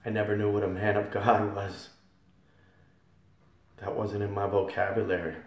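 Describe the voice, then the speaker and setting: A man giving a fervent church testimony in a hall, repeating phrases and swelling loud on key words. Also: on the low side, little pitch movement, normal speed. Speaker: testimony speaker. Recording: echoey hall from far off.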